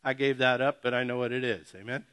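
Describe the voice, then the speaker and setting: A man's voice: mid-range voice, fairly even intonation, quick pace, a bit bright, smooth. A middle-aged male pastor giving a casual, joking sermon that often addresses the congregation directly.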